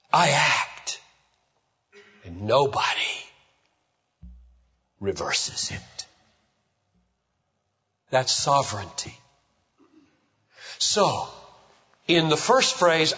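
Impassioned high-voiced male preacher. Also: big-room sound, muffled recording. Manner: impassioned, swinging from loud declarations to hushed low phrases. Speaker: pastor. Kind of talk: sermon.

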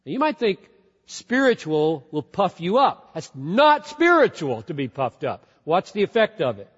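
A man's voice: high voice, sing-song, normal speed, breathy edge. Emphatic male preacher in a reverberant hall. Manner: emphatic, repeats key words, swings from loud to hushed. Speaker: pastor. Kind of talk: sermon. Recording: dull lo-fi sound with long hall reverb.

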